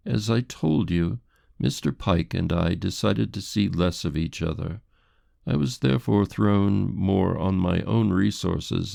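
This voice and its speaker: Guy doing a prim offended posh lady for an audiobook, higher-pitched, kinda gravelly underneath. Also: dark tone, no room sound, studio quality, heavily acted. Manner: prim, defensive, formal. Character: haughty, indignant English society lady.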